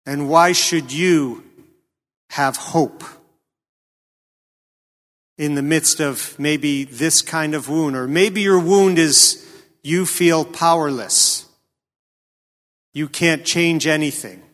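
A man delivers a sermon in a slow, deliberate voice, pitched a bit high for a man. His tone is earnest and questioning, and he leans hard on key words. A long reverb trails each phrase. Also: fairly bright tone. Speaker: preacher.

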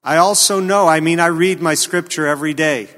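A man preaching a sermon, earnest and questioning, with a slow, emphatic delivery. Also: a little high, a bit bright. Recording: long hall reverb.

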